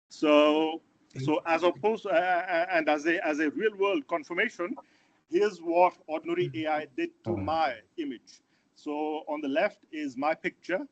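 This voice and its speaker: A man giving an online startup pitch, earnest and hesitant, with frequent fillers and restarts. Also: no echo. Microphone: video call. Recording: dull, dry video call audio.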